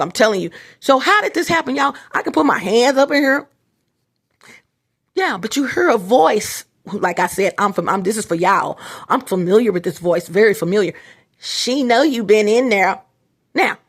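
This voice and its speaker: A woman's voice: mid-range voice, fairly bright tone, breathy edge. Middle-aged woman rambling to her viewers. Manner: repetitive, restarts often, talks straight to viewers. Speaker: vlogger. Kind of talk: casual rambling monologue to viewers.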